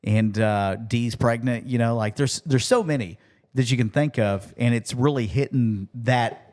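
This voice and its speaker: Animated storytelling radio man. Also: mid-range voice, measured pace. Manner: animated storyteller, acts out quotes. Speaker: radio host guest. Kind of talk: casual podcast chat.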